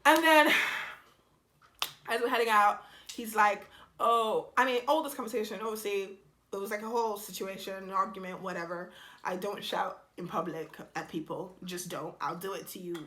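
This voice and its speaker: A young woman tells a story to her channel in a casual, animated way, exasperated and blunt, with frequent swearing. Her voice is bright and sits at an ordinary pitch for a woman. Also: moderate pace. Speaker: vlogger.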